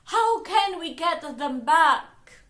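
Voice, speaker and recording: Woman as a frantic little male bird in a storybook, high and urgent, slightly echoey. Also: expressive, drawn-out words, fairly bright tone, full character voice. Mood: pleading. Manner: urgent, emotional. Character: desperate pleading male bird. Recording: roomy echo.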